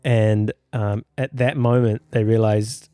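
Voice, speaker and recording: A man's voice: fairly low pitch, slow pace, no room sound, studio quality. A man telling stories casually on a podcast, acting out quotes and laughing often. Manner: animated, acts out quotes in a raised voice, laughs often. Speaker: podcast guest or host. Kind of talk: casual storytelling.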